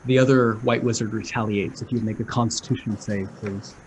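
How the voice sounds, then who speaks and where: A man running a tabletop game as game master, narrating calmly and making quick rules calls. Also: lowish voice, slight background noise. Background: background music.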